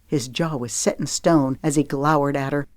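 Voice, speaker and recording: A woman narrating a romance audiobook in a steady, expressive reading. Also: low-pitched, normal speed, dry recording.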